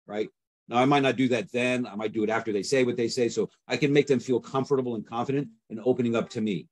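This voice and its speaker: A man with a husky voice and a middle pitch coaching listeners on sales calls. He talks casually and often plays out both sides of a phone conversation. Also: fast, a little mellow. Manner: conversational, acts out sales calls with repeated fillers. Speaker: real estate sales coach. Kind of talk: instructional talk.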